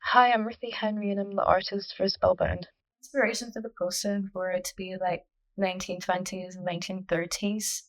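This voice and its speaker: A woman's voice: mid-range voice, fairly even intonation, normal speed, low-quality recording. A woman, an artist, explaining her work step by step in a documentary interview.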